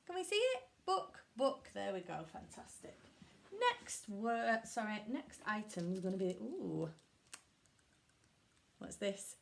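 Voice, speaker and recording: A woman teaching children a phonics lesson, talking slowly in a sing-song, encouraging teacher voice. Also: mid-range voice, big pitch swings, creaky. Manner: slow, sing-song teacher voice with lots of praise. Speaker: primary school teacher.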